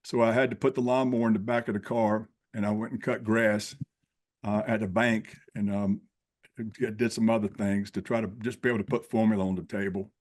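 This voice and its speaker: A man in his sixties with a fairly low voice talks fairly quickly as a podcast guest. He tells his life story in plain-spoken, folksy terms, animatedly acting out the dialogue as he goes.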